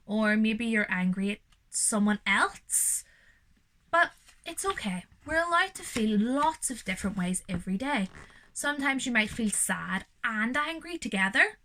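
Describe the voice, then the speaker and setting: A young woman reads a storybook aloud to small children, her bright voice rising and falling with lively expression. She explains feelings in a gentle, reassuring way, as a teacher would. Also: medium pitch. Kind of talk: reading a picture book aloud to children, with explanations.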